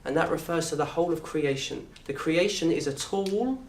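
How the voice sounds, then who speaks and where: A man with a southern English accent teaching an Arabic course in a lecture room. He talks in a lively way, quizzes the audience and acts out little scenes. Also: fairly high pitch, fairly quick, slight background noise. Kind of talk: lecture to an open day audience. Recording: roomy echo from a distant mic.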